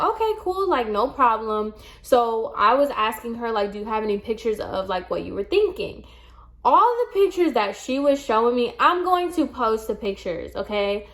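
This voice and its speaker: Chatty young woman telling a salon story. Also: mid-range voice. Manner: chatty, animated retelling with quoted dialogue. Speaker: hairstylist. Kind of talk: casual storytime vlog.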